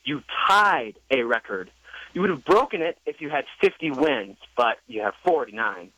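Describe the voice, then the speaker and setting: A man calling in to a radio show, reading a prepared rant with measured, pointed sarcasm. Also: mid-range voice, expressive, bright, forceful tone, no room sound, poor audio. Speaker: radio caller.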